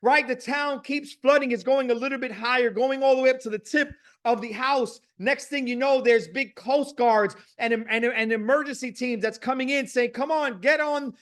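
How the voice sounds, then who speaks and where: A man's voice: very high-pitched, steady tone, moderate pace, hardly any pauses, a bit bright. A man giving a motivational speech and telling a story, in a preachy, emphatic way with a lot of repetition. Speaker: motivational speaker.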